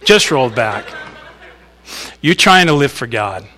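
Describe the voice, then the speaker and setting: A man's voice: medium pitch, sing-song, a little slow, bright, forceful tone. A man preaching a sermon, speaking conversationally to the congregation with asides and reading scripture with emphasis. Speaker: pastor.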